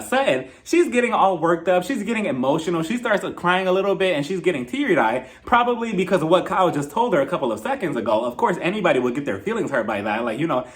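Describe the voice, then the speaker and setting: A man with a notably high voice delivers casual, opinionated commentary. He slips into acted-out quotes and keeps an animated, chatty rhythm. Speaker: video reviewer.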